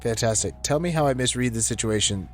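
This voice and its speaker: A man's voice: medium pitch, quick pace, soft background music. A man playing a tabletop game, talking loosely with fillers and swearing. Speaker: player. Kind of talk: casual tabletop play.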